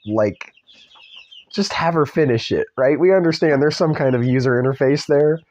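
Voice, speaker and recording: A man's voice: on the high side, normal speed, darkish tone, lo-fi sound. A middle-aged man reading a book aloud and breaking off into mocking, exasperated asides. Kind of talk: read-aloud with sarcastic commentary.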